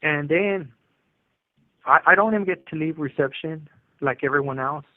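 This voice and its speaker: A man's voice: fairly high pitch, normal speed, no room sound. Man on a tinny phone line. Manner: street slang, rambling with fillers. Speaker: caller telling his prison story. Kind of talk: casual storytelling over the phone.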